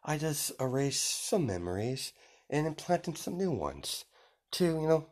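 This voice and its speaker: A man's voice: a little high, sing-song, unhurried, darkish tone, voice pushed up. A man voicing a smug young woman villain who gloats over her scheme, raising his voice into a lighter, sing-song tone. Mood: gloating.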